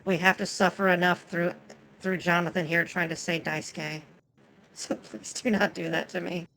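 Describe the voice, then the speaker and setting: A woman streamer whose first language is Japanese talks through a game in loose, profane chatter aimed at her chat. Her voice is gravelly and sits on the low side. Faint noise hums behind her. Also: steady tone, normal speed, a bit bright, low-quality recording. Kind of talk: casual game commentary.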